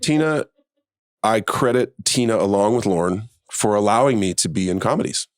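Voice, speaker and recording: A man's voice: expressive, normal speed, smooth, no room sound, clean studio sound. A middle-aged man chatting as a podcast guest, telling stories and acting out what people said. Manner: chatty storyteller, acts out quotes in a higher voice. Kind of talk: casual conversation.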